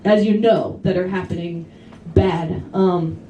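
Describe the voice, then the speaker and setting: A woman's voice: lowish voice, fairly even intonation, slow, dark tone, recorded from a distance, muffled recording. A woman doing a stand-up comedy set in a bar, telling an indignant, profane story. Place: kava bar comedy night, indoors. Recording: echoey bar audio from afar, faint hum.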